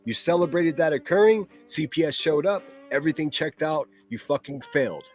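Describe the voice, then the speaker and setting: A man's voice: on the high side, animated, a little fast, soft background music. A man hosting a solo livestream, ranting in a profane, mocking and combative way. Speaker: livestream host.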